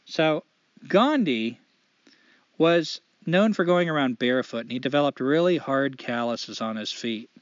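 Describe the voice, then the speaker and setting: A man's voice: medium pitch, unhurried, dry recording, muffled recording. A man hosting a casual podcast chat, telling stories and jokes with lots of laughter. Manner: animated storyteller, joking and laughing. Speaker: podcast host.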